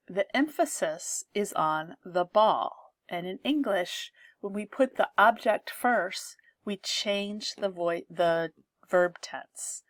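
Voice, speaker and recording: A woman's voice: medium pitch, expressive, takes it slowly, no room sound, studio quality. A woman teaching an English grammar lesson, explaining step by step and reading example sentences aloud.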